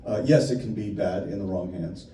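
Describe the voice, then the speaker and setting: A man's voice: on the low side, normal speed, dark tone, distant mic. A man hosting a fan Q&A in a casual, playful way, often laughing as he tells stories. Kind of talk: casual joking chat with fans. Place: indoor meet-and-greet room. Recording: echoey room, recorded from afar, background noise.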